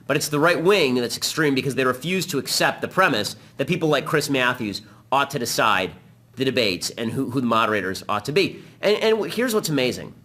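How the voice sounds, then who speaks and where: A man hosting a political talk show, delivering a combative, rapid-fire commentary monologue. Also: mid-range voice, animated, pushed and bright.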